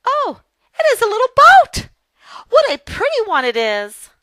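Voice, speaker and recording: A woman voicing a cheerful little farm girl in a primer dialogue, with bright, eager exclamations. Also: high-pitched, very animated, drawn-out words, no room sound, pitched above the performer's own voice, full character voice. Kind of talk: reading a primer dialogue aloud.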